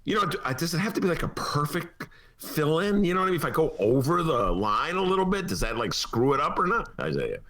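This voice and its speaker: A man's voice: a little high, sing-song, quick pace, bright, forceful tone. A middle-aged man hosting a casual podcast talk show from a studio, rambling through jokes and asides with frequent chuckles. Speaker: podcast host.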